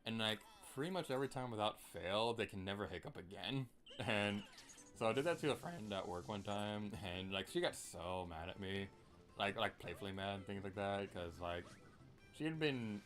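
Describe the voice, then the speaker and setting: A man's voice: deep voice, a bit bright. A young man chatting casually and playfully while streaming a video game, humming and singing along now and then. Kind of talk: casual gameplay commentary.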